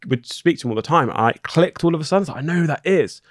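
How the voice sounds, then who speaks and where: A man's voice: a little high, racing, no echo, studio quality. A man from England, a podcast guest in casual chat who tells stories with energy and acts out what others said. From Dorking, England. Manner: animated, acts out the other person's lines in the retelling.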